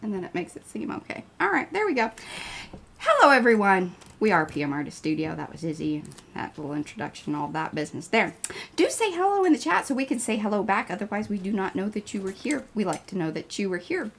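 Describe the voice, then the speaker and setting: A woman's voice: mid-range voice, sing-song, fast talker, gravelly, fairly bright tone, a little hiss or hum. A woman hosting an art livestream in her home studio, chatting playfully and teasing herself. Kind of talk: casual livestream chat.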